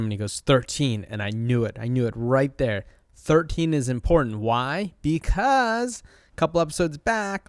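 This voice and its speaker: A man recapping a show in a loose, rambling chat, full of "uh" and "um". His pitch sits in the middle for a man. The sound is close and dry, with no room echo. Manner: chatty, rambling, with many fillers. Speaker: host. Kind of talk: casual episode recap.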